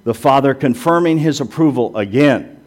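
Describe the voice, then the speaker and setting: A man's voice: medium pitch, expressive, moderate pace, a little mellow. A male pastor preaching a sermon in a conversational way, with rhetorical questions and self-deprecating asides.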